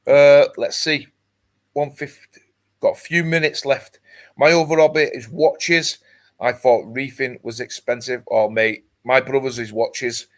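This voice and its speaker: This livestream host has a mid-range male voice with fairly even intonation and an unhurried pace. His talk is casual chat, heavy on fillers, as he reads viewer comments aloud.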